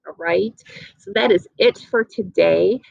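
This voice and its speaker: A woman teacher giving an encouraging phonics lesson to young children, slowly stretching out sounds. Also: medium pitch, gravelly, darkish tone, no echo, lo-fi sound.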